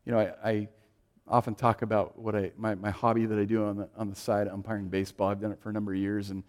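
A man preaching a sermon, swinging from loud, emphatic lines to hushed, quiet ones. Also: lowish voice, level tone, quick pace. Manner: dynamic, shifting from loud to hushed. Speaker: pastor.

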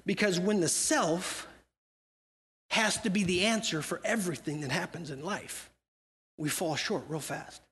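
A man's voice: high voice, a little slow, fairly bright tone. A man speaking as a missionary at a church, talking conversationally and acting out imagined dialogue. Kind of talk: church talk with acted-out quotes. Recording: long hall reverb.

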